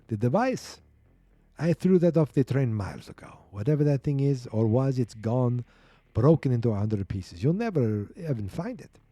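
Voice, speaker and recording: A man's voice: mid-range voice, very animated, normal speed, dark tone, dry recording. A man voicing a weary, cornered male spy who answers defiantly while reading a comic aloud. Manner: grim, defiant.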